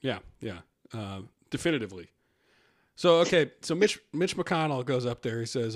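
A man's voice: mid-range voice, a little fast. A man co-hosting a comedy podcast, talking in a rambling, casual way and laughing often. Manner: rambling, laughs often, quotes people in put-on voices. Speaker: podcast co-host.

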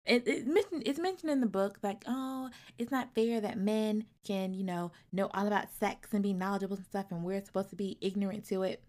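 A woman retelling a novel's plot in a casual chat, acting out the characters' lines and breaking into loud, colloquial asides. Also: medium pitch, fairly quick, few pauses. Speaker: book reviewer. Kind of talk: casual book recap.

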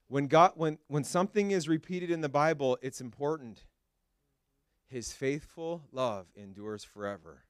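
A pastor delivering a sermon, his voice high and smooth. He drives points home with short, repeated phrases and slips into easy, joking asides. The sound is dry and close, with little room echo. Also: measured pace. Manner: emphatic, repetitive preaching with short punchy phrases; conversational asides with light humor. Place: church sanctuary.

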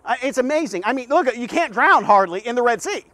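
High-voiced stammering preacher man. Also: fairly quick, no echo. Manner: rambling, repetitive, stammering, animated. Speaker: devotional podcast host. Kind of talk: sermon-like devotional talk.

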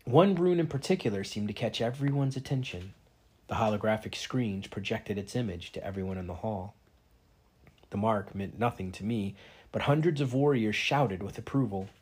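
Husky man reading a novel aloud. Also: on the low side, moderate pace. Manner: steady first-person narration. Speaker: reader.

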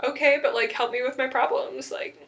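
A woman's voice: sits high, fairly even intonation, a little fast, a bit bright, lo-fi sound. A young woman chatting casually, recapping a TV episode and acting out quotes with sarcasm.

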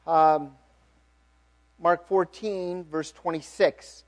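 A middle-aged man preaching, reading scripture with rising emphasis and dropping to quiet asides. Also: a little high, normal speed. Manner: earnest, reads aloud with rising emphasis then drops to quiet asides. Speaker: pastor.

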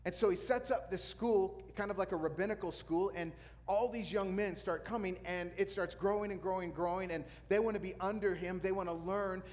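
A male pastor preaching a sermon, telling a story with lively sound effects. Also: high-pitched, big-room sound, slight background noise.

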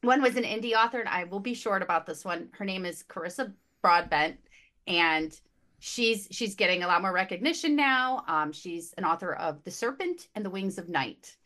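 A woman in a casual book chat, speaking at a mid pitch for a woman. She gushes and is emotionally expressive, trips over her own words and repeats herself as her thoughts race ahead. She talks like a panelist among friends. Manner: quick restarts and repeated words. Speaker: podcast panelist.

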